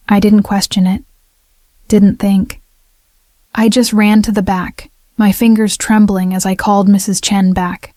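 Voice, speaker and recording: A woman narrating a dramatic first-person story in a steady, even way. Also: mid-range voice, moderate pace, no echo, studio quality.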